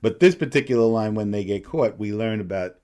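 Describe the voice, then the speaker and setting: A man with a lowish voice, chatting about a film he enjoys. He speaks haltingly, with restarts and fillers, as he circles back to lines he loves. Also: expressive, a little mellow. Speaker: podcast co-host, the father. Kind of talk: casual movie chat.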